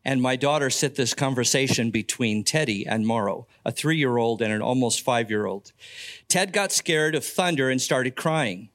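A man's voice: medium pitch, animated, normal speed, fairly bright tone. An older man preaching a sermon as pastor, earnest, with folksy asides and stories about family.

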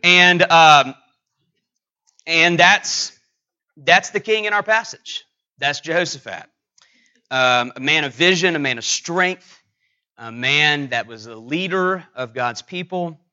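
Halting, bright-voiced male preacher. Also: fairly high pitch, dull audio. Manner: halting, anecdotal, many fillers and restarts. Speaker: pastor. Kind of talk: sermon with personal story.

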